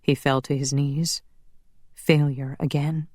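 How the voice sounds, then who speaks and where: A woman narrating a paranormal romance audiobook in a measured, steady way. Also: deep voice, dry recording, studio quality.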